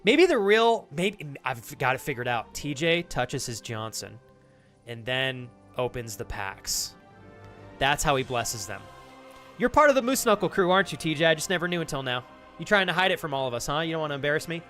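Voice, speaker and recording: Hyped, lively-voiced male streamer. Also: fairly high pitch, normal speed, soft background music. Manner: animated, hyped, swears casually. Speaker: streamer reading chat. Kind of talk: casual chat with viewers.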